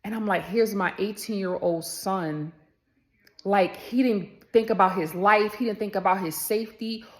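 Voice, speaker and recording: A woman's voice: mid-range voice, unhurried. A woman, chatting casually to camera and telling a story, addressing viewers as y'all and acting out the voices in it.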